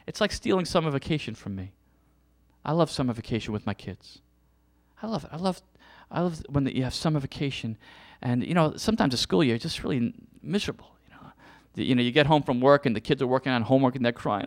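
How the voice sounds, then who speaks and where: A man's voice: on the high side, expressive, fairly quick, a bit bright. A middle-aged man preaching a passionate sermon, full of restarts and repetitions. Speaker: pastor.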